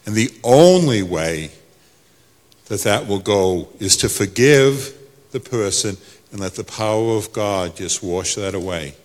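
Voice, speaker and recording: A male pastor, preaching a sermon that swings from soft to loud. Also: on the low side, animated, a little slow, in a large hall.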